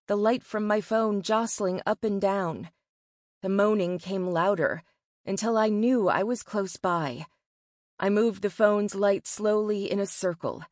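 Female audiobook narrator: measured, expressive, slow, dry close sound. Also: medium pitch, no room sound. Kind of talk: first-person novel narration.

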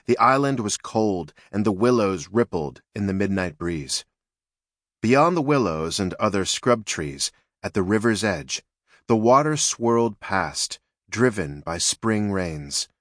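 A man narrating an audiobook in a measured, even storytelling manner. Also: lowish voice, no echo, clean studio sound.

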